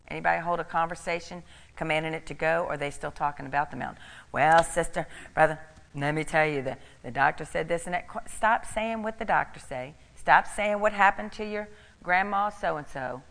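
A woman's voice: lowish voice, vocal fry, fairly bright tone, long reverb tail. A middle-aged woman preaching a sermon, emphatic and repeating key phrases for stress.

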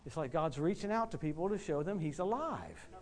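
A middle-aged male preacher rattles through stories at a quick clip, his voice sitting a little high for a man. He acts out the quotes and laughs along as he tells them. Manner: animated, quick storytelling with acted-out quotes and laughs. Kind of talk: storytelling sermon.

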